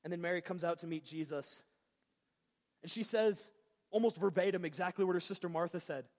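Guy preaching kinda casual, higher voice, big churchy reverb. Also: brisk. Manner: casual, conversational preaching with slang. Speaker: pastor. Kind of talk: sermon.

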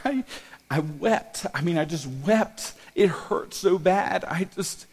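A middle-aged man, a pastor, telling a personal testimony in a sermon, emotional and halting with many restarts. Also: high voice, animated, creaky, a little mellow, breathy edge.

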